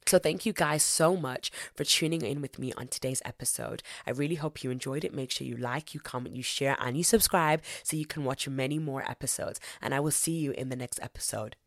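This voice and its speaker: Gravelly earnest man hosting a podcast. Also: medium pitch, a little fast, no room sound, clean studio sound. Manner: earnest, heartfelt, prayerful. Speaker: podcast host. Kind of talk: devotional podcast talk with spoken prayer.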